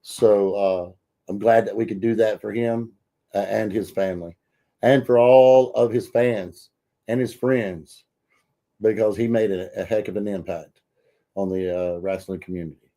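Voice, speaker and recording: A man hosting a podcast in casual, folksy chat, full of fillers and bursts of excitement. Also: lowish voice, a little slow. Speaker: podcast host.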